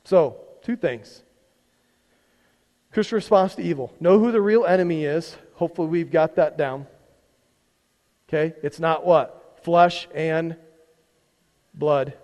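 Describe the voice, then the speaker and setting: High-voiced man preaching in a reverberant church. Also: measured pace, pauses often, a little mellow. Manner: conversational preaching with rhetorical questions and repeated words. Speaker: pastor. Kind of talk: sermon. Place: church sanctuary. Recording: long hall reverb.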